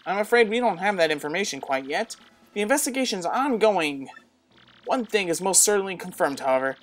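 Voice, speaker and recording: A woman's voice: expressive, fairly quick, soft background music, lightly acted. A woman voicing a fussy old female turtle witch who serves her king with simpering politeness. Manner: simpering, overly polite, pitched up.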